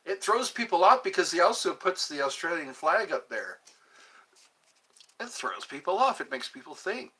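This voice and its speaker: A man's voice: high voice, sing-song, moderate pace, bright, forceful tone, breathy edge. A man hosting a live stream, chatting casually and reading viewer comments, often stumbling and repeating words. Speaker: livestream host.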